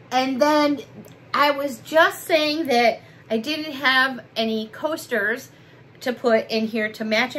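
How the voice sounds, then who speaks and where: A middle-aged woman talks through a home haul vlog in a warm, chatty way, gushing and emotional. Her voice sits a little high, and a faint background hum runs under it. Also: low-quality recording. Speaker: vlogger. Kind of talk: casual haul vlog chat. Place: home, at a desk.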